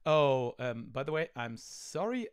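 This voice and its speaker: A man's voice: medium pitch, big pitch swings, a little slow, smooth. A man with a German accent hosting a casual game commentary, rambling and amused, over an online call mic. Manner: rambling, amused, full of fillers. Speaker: host.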